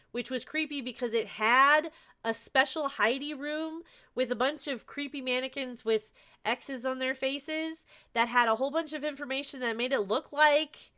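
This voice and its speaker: A bubbly woman streaming a game, chatting casually with her viewers. Her voice sits a little high and has a bright, crisp edge. She gushes warmly whenever someone joins. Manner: bubbly, gushes over chat. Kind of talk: casual live-stream chat.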